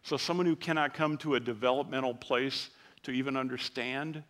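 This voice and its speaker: A man's voice: medium pitch, steady tone, a little fast, a bit bright. Middle-aged male pastor preaching conversationally. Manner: conversational, self-deprecating, grows emotional at times. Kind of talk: sermon.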